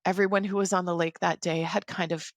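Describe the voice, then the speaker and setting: A woman in her forties, a podcast guest, recounting a personal story in a measured, reflective way. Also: on the low side, flat delivery, dry recording, clean studio sound.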